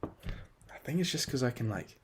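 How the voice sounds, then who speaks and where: A man's voice: mid-range voice, animated, moderate pace, slight background noise. Rambling, profane young man. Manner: rambling, profane, self-critical. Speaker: podcast host. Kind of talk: casual solo monologue.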